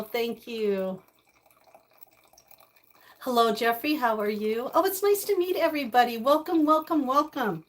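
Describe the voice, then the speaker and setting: An older woman with a fairly high voice hosts a relaxed cooking livestream from her own kitchen. She's bubbly and talkative, greeting her viewers by name.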